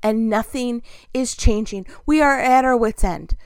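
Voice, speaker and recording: A woman's voice: a little high, a little slow, clear, resonant tone, no echo. A middle-aged woman tells a chatty, self-deprecating story in a casual monologue and laughs often.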